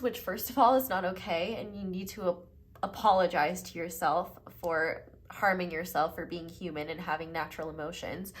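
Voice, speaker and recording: Woman, young adult, tarot reader, gentle, reflective, reassuring, medium pitch. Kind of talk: unscripted tarot reading monologue.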